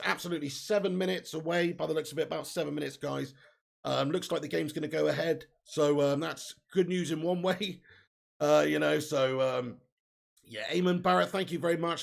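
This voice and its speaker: A man's voice: on the high side, expressive, brisk, creaky. A man hosting a live football watch-along, joking, laughing often and reading out viewer comments. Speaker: live stream host.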